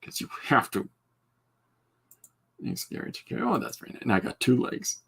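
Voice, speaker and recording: A man's voice: medium pitch, huge pitch swings, normal speed, vocal fry, breathy edge. A man hosting a podcast livestream, chatting casually and joking with viewers while he draws. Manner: rambling, joking, reacting to chat. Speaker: podcast host.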